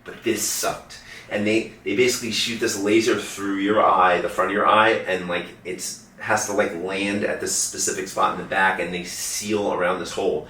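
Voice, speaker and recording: A man's voice: deep voice, fairly even intonation, moderate pace, sharp tone, echoey room, recorded from a distance, slight background noise. A man telling a story as an interview guest, rambling and casual, full of "like" and the odd curse. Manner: rambling, heavy use of "like", swears casually.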